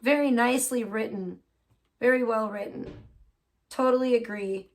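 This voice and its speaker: Expressive woman streamer, fairly high voice. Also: moderate pace, creaky. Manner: emotional and expressive, swearing at her computer. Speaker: livestream host. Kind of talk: casual livestream chat, reading a petition aloud.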